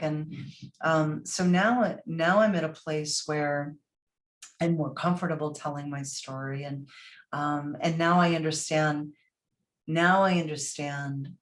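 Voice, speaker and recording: Woman, low voice, podcast guest, lively storytelling, acts out quotes. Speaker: podcast guest, motivational speaker.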